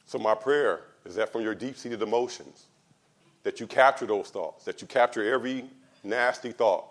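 A male pastor preaching a sermon, calling out to the congregation, building to loud, drawn-out passion and then dropping low and quiet. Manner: calls out to the congregation.

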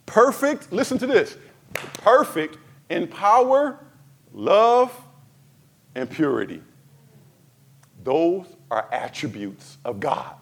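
A man preaching a sermon to his congregation, swinging from fervent cries to soft, emphatic lines and addressing the church directly. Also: high-pitched, very animated, takes it slowly, pauses often. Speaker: pastor.

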